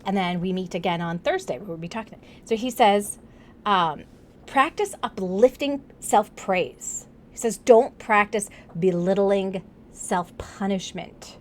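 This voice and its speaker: A woman's voice: medium pitch, expressive, a little slow. A woman from Wisconsin, a business coach, leading a live book discussion in an enthusiastic, gushing way, full of fillers. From Wisconsin, USA. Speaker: online tutoring business coach.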